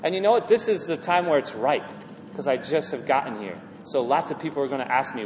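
A man preaching a sermon in a lively, animated way, often acting out quoted voices and repeating words as he builds a point. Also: a little high, brisk, a little hiss or hum. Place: church hall. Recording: echoey hall with faint ambience.

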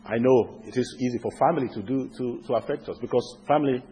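A man preaching a sermon, swinging from loud emphatic declarations to hushed, intimate appeals. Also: medium pitch, fast talker, slight background noise.

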